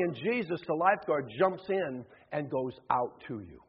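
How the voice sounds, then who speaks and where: A man preaching a sermon as pastor, acting out voices in his stories and swinging between loud calls and hushed asides. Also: on the high side, lively intonation, normal speed, slightly rough. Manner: acts out voices in stories, shifts between shouting and hushed tones. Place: church sanctuary. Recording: dull sound, long hall reverb.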